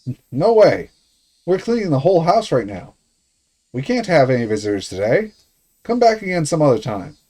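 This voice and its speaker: A man's voice: a little high, big pitch swings, moderate pace, pauses often, warm tone, voice pushed up. A man doing a rude bullying uncle. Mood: irritated. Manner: rude, hostile, menacing. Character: abusive bullying uncle, middle-aged man.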